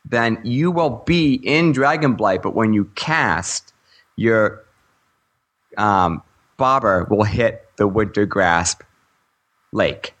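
A man's voice: lowish voice, slow, long pauses, a bit bright. A man co-hosting a gaming podcast in casual chat, rambling with fillers and laughing often. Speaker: podcast co-host.

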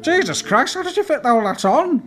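A man's voice: extremely high pitch, big pitch swings, normal speed, voice pushed up. A man voicing a cowardly, treacherous brother who yelps and pleads in panic, with music behind. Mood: amazed.

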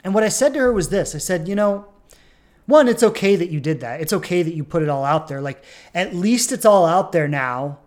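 A relationship coach hosting a podcast, talking earnestly and repeating phrases for emphasis, with sudden loud bursts. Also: mid-range voice, expressive, brisk. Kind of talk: podcast monologue.

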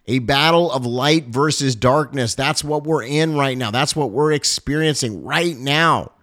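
A man who is a pastor, giving an impassioned on-air talk, urgent and emphatic, repeating phrases and surging into loud, high calls. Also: measured pace, no room sound, studio quality.

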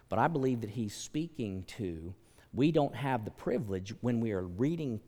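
Pastor preaching in a reverberant hall. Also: male voice, a little mellow. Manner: conversational preaching with folksy asides and sudden rises in pitch. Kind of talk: sermon. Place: church sanctuary. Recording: long church hall reverb.

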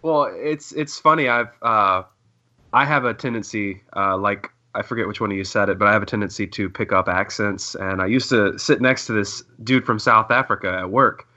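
A man's voice: fairly low pitch, normal speed, sharp tone. A man from the southern United States chatting as a podcast guest, hesitant and easy to laugh. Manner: laughs easily, hesitant fillers. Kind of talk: casual chat.

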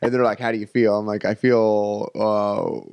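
A man's voice: on the low side, flat delivery, normal speed, a little mellow, clean tone, dry recording. A man telling a long story in casual chat, rambling and laughing as he acts out other people's lines.

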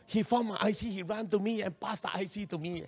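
This Singaporean English-accented pastor preaches while telling a personal story, animated and sprinkled with local slang. His voice sits high and is gravelly with a breathy edge, and he talks at a quick pace.

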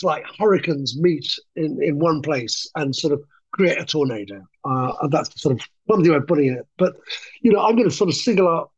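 A slightly high, husky male voice comes through a dull, lo-fi recording. He is a film director guesting on a podcast. He talks with eager enthusiasm, rambling and restarting his sentences as he goes. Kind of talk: conversational interview.

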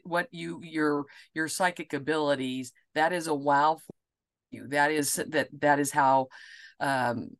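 A woman hosting a podcast interview, offering short affirmations and often restarting her sentences as she asks questions. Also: deep voice. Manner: warm affirmations, halting restarts. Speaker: podcast host.

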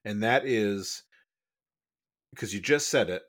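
A man with a lowish voice co-hosting a casual podcast. He rambles, restarts sentences and rushes in quick bursts. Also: a bit bright. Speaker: podcast co-host.

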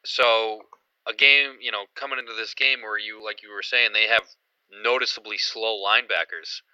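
A man co-hosting a sports podcast, talking in a rambling, excited way with lots of fillers. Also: on the low side, moderate pace, clear, resonant tone, no echo, dull audio. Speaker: podcast co-host. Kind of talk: casual sports chat.

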